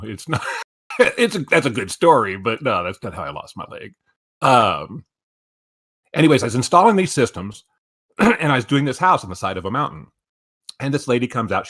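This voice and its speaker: A man in his fifties, a stream co-host, telling a story in casual chat, animated and full of swearing. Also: medium pitch, moderate pace, husky.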